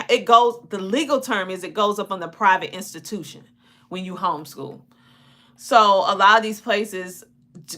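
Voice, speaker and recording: A woman's voice: medium pitch, fairly bright tone. A woman with a Southern US country twang, chatting folksily about homeschooling on a talk show. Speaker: homeschooling parent guest. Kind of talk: casual talk show chat.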